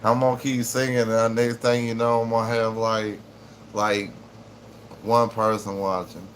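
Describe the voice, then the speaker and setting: A man's voice: on the low side, level tone, normal speed, a little hiss or hum. A man chatting casually and jokingly on a live stream, rambling and swearing freely.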